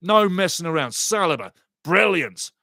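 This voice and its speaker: A man giving passionate live fan commentary on a soccer match, excitable and swinging from muttering to shouting. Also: sits high, normal speed, vocal fry, no echo, studio quality.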